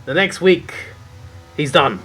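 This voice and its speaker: A man's voice: fairly high pitch, animated, slow, fairly bright tone, a little hiss or hum, low-quality recording. A young man chatting casually while playing a racing game, rambling through jokey anecdotes full of British slang. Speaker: gaming video creator. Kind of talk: casual gameplay chat.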